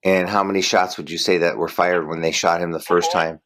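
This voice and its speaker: A man's voice: sits low, steady tone, brisk, fairly bright tone. A man interviewing an eyewitness over the phone, asking careful questions in a hesitant way, with many fillers.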